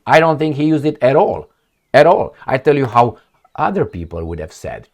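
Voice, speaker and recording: A man giving casual political opinion commentary in an animated, rhetorical, sarcastic manner. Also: medium pitch, normal speed.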